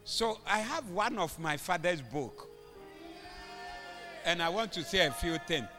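Ghanaian male preacher, high and very bright, preaching in a reverberant hall with music playing underneath. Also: lively intonation, measured pace. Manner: switches languages, call-and-response, rising to shouted exhortation. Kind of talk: convention sermon. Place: large church hall. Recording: echoey hall with music behind.

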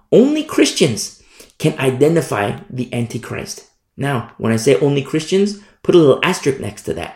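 A man's voice: medium pitch, vocal fry, a little mellow. A man preaching a sermon as a pastor, emphatic and repetitive, often asking his listeners "you see?". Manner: emphatic preaching, repeats key words, asks "you see?". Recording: roomy echo.

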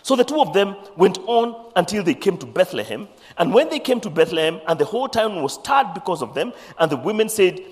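A man preaching a sermon as a bishop, animated, acting out the voices of scripture figures and dropping into Swahili phrases. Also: high voice, normal speed. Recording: long hall reverb.

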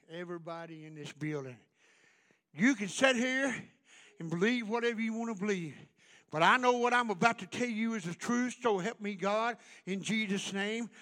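A man preaching a fiery revival sermon, building into shouted, repeated runs in a church. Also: sits high. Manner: preaching in rising shouted runs, repetitive cadence. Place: church sanctuary.

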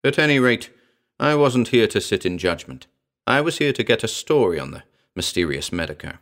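A man's voice: on the low side, very animated, normal speed, a bit bright. A man narrating a comic pulp story in a dry, wry storytelling manner.

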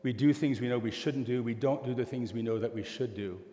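An older man preaching a sermon, telling a story and acting out both sides of a conversation in an animated way. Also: medium pitch, brisk. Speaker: pastor. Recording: long hall reverb.

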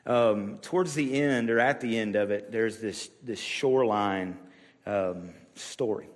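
Pastor guy preaching, kinda low voice, lots of ums, big echoey church hall. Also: measured pace. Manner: casual, rambling with many fillers and restarts. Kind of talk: sermon. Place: church sanctuary.

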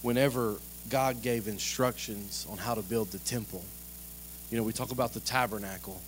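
A man preaching a sermon in a lively, conversational way, joking and asking the congregation direct questions. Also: lowish voice, normal speed, a little hiss or hum. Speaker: pastor.

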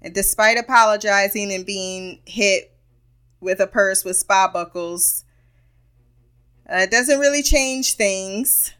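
Woman reviewer, slow and relaxed casual recap, amused and playful. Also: medium pitch, clean tone. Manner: playful, amused, retells scenes. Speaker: show reviewer.

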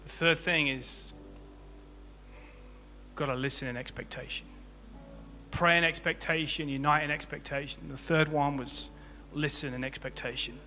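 In a church hall, a male pastor preaches an impassioned sermon in a high, very bright voice with a steady tone and moderate pace. His delivery rises to loud, soaring peaks and drops into hushed, low stretches, all wrapped in long hall reverb with faint music underneath.

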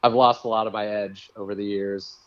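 A man's voice: fairly low pitch, highs cut off. A man co-hosting a casual movie watch-along, laughing often. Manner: laughs often, slow and lively. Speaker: podcast co-host.

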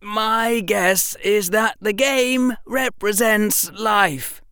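A man's voice: high voice, extremely slow, vocal fry, sharp tone, smooth, no room sound, clean studio sound, pitched above the performer's own voice, heavily acted. A man voicing an indignant, clever young boy wizard in an audiobook, protesting in a raised, strained boyish tone. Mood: resigned. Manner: protesting, incredulous. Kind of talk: audiobook character voice.

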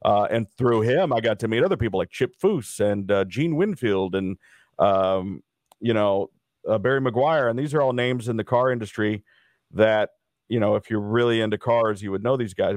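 A middle-aged man from Dallas telling stories in a casual interview, lively and acting out the people he quotes. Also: on the low side, dry recording, studio quality. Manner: animated anecdote teller, acts out quoted people. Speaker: interview guest.

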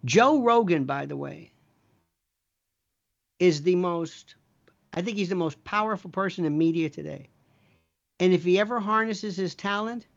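Rambling gravelly-voiced middle-aged man. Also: on the high side, highs cut off. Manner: rambling, emphatic, digressive, jokey. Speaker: guest, former prosecutor. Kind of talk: animated conversational storytelling.

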